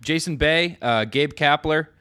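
A man's voice: on the high side, measured pace, bright, forceful tone, smooth, dry recording. Easygoing male podcast co-host, dry sound. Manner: easygoing, lots of fillers and restarts. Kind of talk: casual sports chat.

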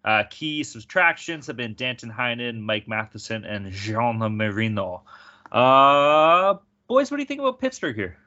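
Man, bright forceful voice, playful host, casual sports betting chat, lo-fi. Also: medium pitch, very animated. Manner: goofy, playful, reads betting odds quickly. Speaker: podcast host.

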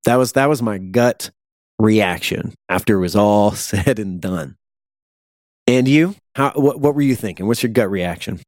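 A man co-hosting a casual movie review chat, animated and exasperated, laughing often. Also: lowish voice, a little slow, dry recording, clean studio sound. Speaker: movie review podcast co-host.

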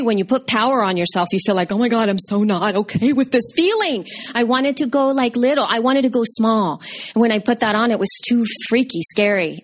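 A woman in her thirties giving a lively, conversational workshop talk and taking questions from the audience. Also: medium pitch. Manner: bubbly, expressive, conversational. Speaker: workshop presenter.

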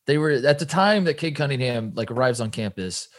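A man chatting casually on a sports podcast, talking at a middle pitch. He rambles and restarts often, then breaks into excited bursts. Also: a little fast. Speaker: podcast co-host.

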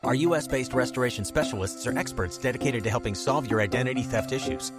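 A man reading a scripted ad in a brisk, polished sales pitch. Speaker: ad announcer. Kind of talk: scripted radio ad read. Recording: ad with loud music bed.

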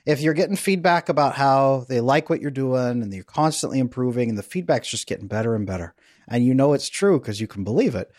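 A middle-aged man, a relationship coach, talking as a podcast guest in a lively, playful, guiding way. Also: medium pitch, fairly quick, no echo, clean studio sound. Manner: energetic, playful, guides listener through an exercise. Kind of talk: conversational interview.

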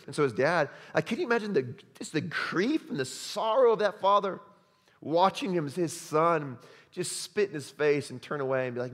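A man preaching a sermon as pastor, impassioned, swinging between loud urgent passages and hushed quiet ones. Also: fairly high pitch, expressive, moderate pace, long reverb tail.

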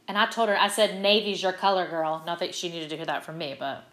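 A middle-aged woman, a stage actress, telling stories as a guest in a casual interview, animated and full of fillers. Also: fairly low pitch, fast talker. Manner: animated, chatty, lots of fillers. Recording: roomy echo.

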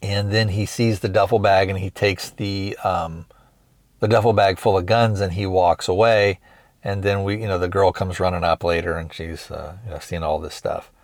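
Low-voiced man recapping a movie. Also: steady tone, normal speed, no room sound. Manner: rambling, hesitant retelling with many restarts. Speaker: podcast host. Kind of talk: casual movie review recap.

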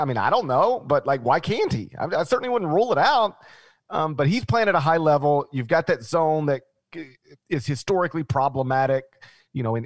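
A man's voice: on the high side, dry recording. Brief: man, Memphis accent, podcast co-host, rambly sports talk, dry close sound. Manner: animated, rambling with restarts. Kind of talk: casual sports chat.

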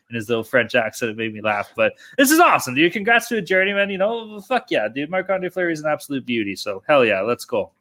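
A man co-hosting a hockey betting podcast, talking casually and excitedly and swearing often. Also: mid-range voice, fast. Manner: excitable, swears a lot, says dude. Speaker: podcast co-host.

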